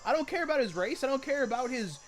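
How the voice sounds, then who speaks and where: A man's voice: very high voice, expressive, fast talker. A man streaming while gaming, ranting in a heated, swearing way, full of "like" and "it's like" fillers. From United States. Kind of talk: casual rant while gaming.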